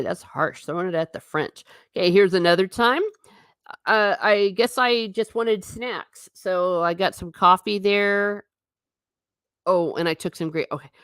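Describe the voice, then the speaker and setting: A travel vlogger with a fairly bright, lowish voice reads her live chat and talks casually with viewers. She's giggly and pokes fun at herself, and the clean studio audio has no echo.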